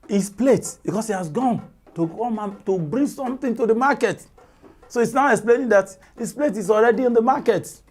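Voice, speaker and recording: A woman telling a folk tale in an animated, chatty way, with asides to listeners. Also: medium pitch, moderate pace, husky, soft background music. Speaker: storyteller.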